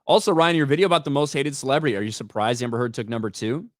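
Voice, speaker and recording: A blunt, casual man hosting a podcast, swearing freely as he chats and reads out viewer donations. His voice sits at an ordinary pitch. The recording is dry and close. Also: expressive, rapid-fire, dry recording. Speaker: host.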